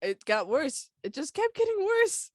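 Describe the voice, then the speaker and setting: A woman's voice: sits high, very animated, a little slow, dry recording, studio quality. A young woman co-hosting a podcast, telling a story animatedly, acting out the dialogue and laughing often. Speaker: podcast co-host. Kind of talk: casual storytelling chat.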